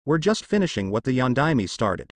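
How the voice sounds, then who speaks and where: A man's voice: mid-range voice, very animated, normal speed, dry recording, studio quality, close to an everyday voice. A man reading the lines of a cruel male ninja who sneers and laughs while mocking.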